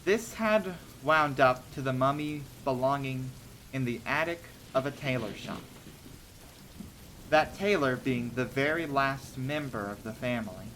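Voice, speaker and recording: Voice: mid-range voice, measured pace, a bit bright, a little hiss or hum. A streamer telling short stories on a casual livestream, hesitant with many ums and restarts, laughing between thoughts.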